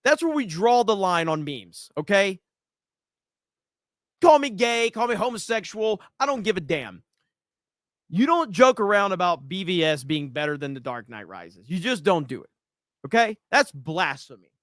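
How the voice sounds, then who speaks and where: A man's voice: high voice, big pitch swings, moderate pace, fairly bright tone, no echo, studio quality. A man hosting a casual livestream, reading out viewer comments and ranting in a profane, mock-outraged way. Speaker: livestream host.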